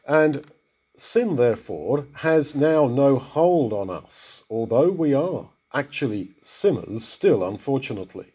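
A man teaching from Scripture in an easy, conversational way, often turning to put questions to his listeners. His voice is husky and mellow, with a dark, relaxed tone. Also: mid-range voice, a little slow. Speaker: Bible teacher. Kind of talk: conversational Bible exposition.

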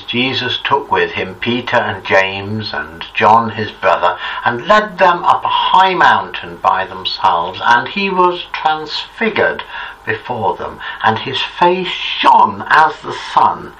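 Slow, reverent male scripture reader. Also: on the low side, sing-song, pushed and bright. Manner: slow, measured, reverent reading. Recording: distant muffled recording, faint hiss.

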